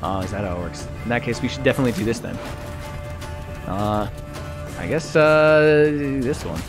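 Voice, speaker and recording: A man streaming a video game, thinking aloud in a casual, self-mocking way and getting easily excited. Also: mid-range voice, normal speed, music in the background. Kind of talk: casual let's-play commentary.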